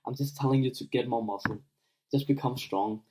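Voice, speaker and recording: A man's voice: mid-range voice, a little fast, warm tone, slight background noise, low-quality recording. A young man giving blunt, unscripted advice to viewers, full of swearing and fillers, acting out little scenes as he talks. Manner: blunt, profane, filler-heavy, acts out scenes. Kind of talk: casual unscripted advice monologue.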